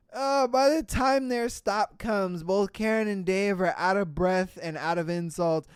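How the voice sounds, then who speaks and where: A podcast host reading out reddit stories and reacting with loud exclamations, swearing and frequent laughter, into a close mic. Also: mid-range voice, measured pace, few pauses, clean tone, no echo. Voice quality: profane, exclamatory, laughs often.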